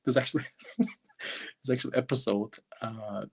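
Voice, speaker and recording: Gravelly husky man, rambling casually. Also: medium pitch, unhurried. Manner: rambling, chatting with viewers, many fillers. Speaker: streamer flipping through a book. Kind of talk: casual livestream chat.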